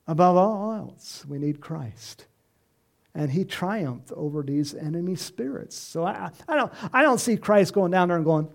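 A middle-aged man preaching an informal sermon, animated and chatty, acting out voices and chuckling as he speaks to the congregation. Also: sits high, normal speed, gravelly. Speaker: pastor.

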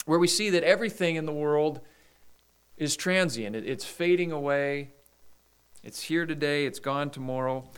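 A man preaching a sermon, reading scripture aloud and explaining it in a measured way. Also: a little high, fairly bright tone, smooth. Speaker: pastor.

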